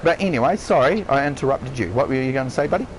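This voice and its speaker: A man with a New Zealand accent rants on a live game stream and swears nearly every line. His pitch swings widely as he shouts one moment and drops low the next. He repeats his points again and again. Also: expressive, fast talker, a little hiss or hum, rough recording. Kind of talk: heated rant on a live stream.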